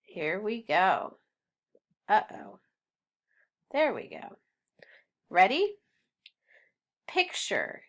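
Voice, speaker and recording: A woman teaching a phonics lesson, sounding out words slowly and deliberately. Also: medium pitch, huge pitch swings.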